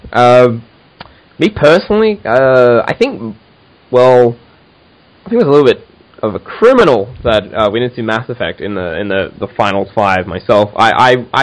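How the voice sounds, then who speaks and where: An enthusiastic man hosting a casual podcast chat, with a middle-pitched voice. He talks with many fillers, restarts and stumbles. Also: poor audio. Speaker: podcast host.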